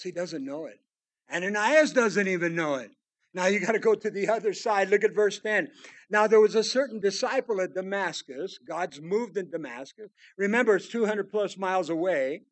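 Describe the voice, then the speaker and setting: A man preaching a sermon, reading Bible verses aloud and commenting on them, swinging between loud emphasis and hushed prayerful tones. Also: sits high.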